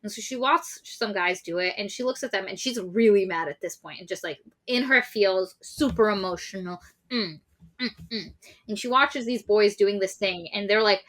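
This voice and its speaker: Woman, podcast co-host. Bright, forceful tone; casual, profane, animated storytelling. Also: mid-range voice, fairly quick. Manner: profane, animated plot recap with voiced quotes. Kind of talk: casual book review chat.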